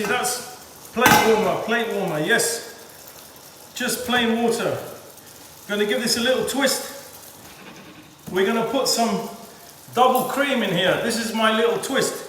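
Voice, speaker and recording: Home cook, male, high voice, chatty and repetitive, filmed from a distance in a kitchen with a long echo and clear background noise. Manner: chatty, repeats himself. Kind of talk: casual cooking demonstration. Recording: echoey kitchen from far off.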